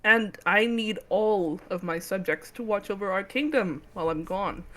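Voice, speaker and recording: A woman's voice: medium pitch, normal speed, bright, forceful tone, lightly acted. A woman playing a proud, lonely young male forest ruler who speaks formally and regally in a tabletop game.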